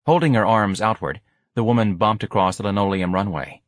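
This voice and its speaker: A man narrating an audiobook in a wry, measured storytelling manner. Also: on the low side, no echo.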